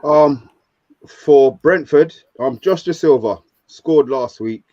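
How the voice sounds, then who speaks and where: A man's voice: fairly high pitch, slow, mellow, dry recording. A man giving his picks as a panelist in a casual football chat, laid-back with hesitant fillers. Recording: dull lo-fi sound.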